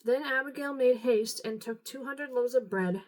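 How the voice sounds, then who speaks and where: A tired woman reading scripture aloud, unhurried, now and then stumbling and apologizing. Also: fairly high pitch, darkish tone, poor audio. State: tired, yawning. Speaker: Bible reader.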